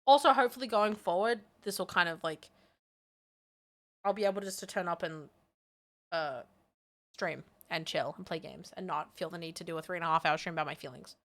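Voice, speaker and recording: A woman's voice: lowish voice, a little fast, long pauses, fairly bright tone. A woman chatting candidly on a live stream, rambling and self-deprecating with frequent laughs. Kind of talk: casual live-stream chat.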